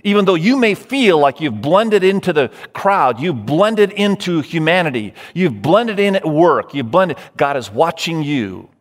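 A man's voice: a little high, sing-song, measured pace, few pauses. Emphatic pastor, a man preaching. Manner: emphatic, builds lists, speaks straight to listeners. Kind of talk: sermon. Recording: long hall reverb.

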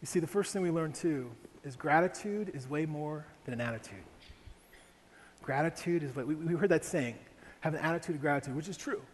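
Pastor guy preaching, kinda high voice, lively, faint hiss in a big echoey hall. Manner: animated preaching, rhetorical questions, slows for scripture. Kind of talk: sermon. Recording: hall reverb with faint ambient noise.

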